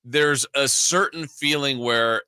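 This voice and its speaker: Bright-toned male radio co-host, conversational. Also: medium pitch, slow pace, clean tone, no room sound, studio quality. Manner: conversational, storytelling, acts out quotes. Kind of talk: sports radio talk.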